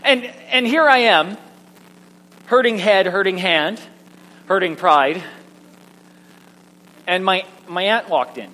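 A man preaching a sermon, telling personal stories in an animated, self-mocking way. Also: high voice, slow pace, pauses often. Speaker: pastor. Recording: echoey hall with faint hum.

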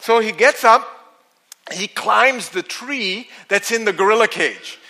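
A middle-aged preacher with a high, bright voice, spinning a story in an animated way. He chuckles at his own jokes and swings from playful to earnest. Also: slow. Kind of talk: sermon.

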